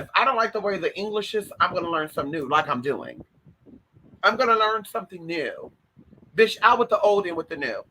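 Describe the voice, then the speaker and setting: Man, high pitched, very bright tone, sassy, profane, animated, shouty bursts, casual advice monologue. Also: poor audio. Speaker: host.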